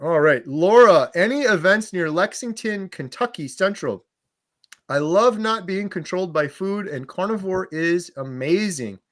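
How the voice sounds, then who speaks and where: A man hosting a casual live Q&A stream, upbeat and quick to laugh. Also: high voice, lively intonation, a bit bright, no room sound. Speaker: livestream host.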